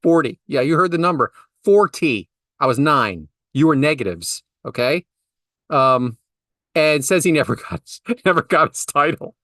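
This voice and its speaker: A man's voice: fairly high pitch, lively intonation, moderate pace, pushed and bright, no room sound, studio quality. A man in his forties, a podcast co-host, telling comedic anecdotes about everyday annoyances in an exasperated, ranting way. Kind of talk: casual comedic storytelling.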